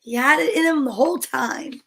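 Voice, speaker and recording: A woman reading a children's picture book aloud, gentle, with whispered asides. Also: high voice, brisk, a little hiss or hum. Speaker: storyteller.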